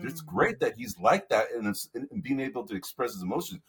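A man's voice: mid-range voice, expressive, brisk, few pauses, fairly bright tone. A man co-hosting a sports podcast, talking casually in a rambling, conversational way. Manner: rambling, conversational, lots of fillers. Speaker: podcast co-host.

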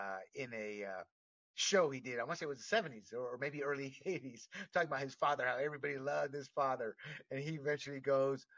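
A man's voice: mid-range voice, fairly bright tone, recorded from a distance, muffled recording. A man hosting a talk show, giving blunt opinionated commentary with laughs and restarts. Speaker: podcast host.

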